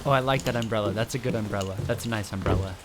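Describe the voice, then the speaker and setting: A man's voice: on the low side, rapid-fire. Chatty man reacting over music. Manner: chatty, emotional, talks to viewers. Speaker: reaction video host. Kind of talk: casual reaction commentary. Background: music from the video he is watching.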